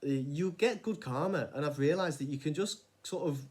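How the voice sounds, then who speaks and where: A man's voice: on the high side, moderate pace. Rambling man telling a story. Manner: rambling, animated retelling with frequent restarts and casual swearing. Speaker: vlogger. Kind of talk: casual storytelling monologue.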